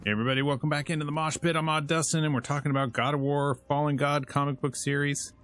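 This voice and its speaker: A man hosting a casual comic book review, retelling the story in an animated way and chuckling as he goes. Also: a little high, fast, faint music behind. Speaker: host.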